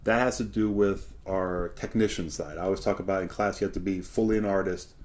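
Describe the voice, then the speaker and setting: Low, mellow-voiced male acting coach. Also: steady tone, fairly quick. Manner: patient and explanatory, often asks "right?". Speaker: acting teacher. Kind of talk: one-on-one coaching talk.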